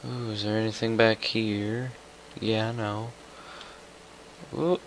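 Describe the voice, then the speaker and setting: A young man giving casual, chatty commentary while playing a video game, muttering to himself and getting excitable. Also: fairly low pitch, slow, slight background noise, rough recording. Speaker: gaming YouTuber.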